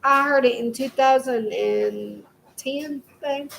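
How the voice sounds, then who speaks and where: Speaking to the camera from home, a young woman vlogger with a high, gravelly voice launches into an angry, profanity-laced rant that keeps looping back on itself. She talks slowly, and the rough recording carries faint room noise beneath her.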